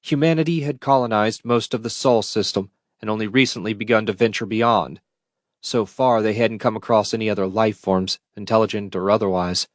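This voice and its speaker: Low-voiced male audiobook narrator. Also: steady tone, brisk, no echo, clean studio sound. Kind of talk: scripted narration.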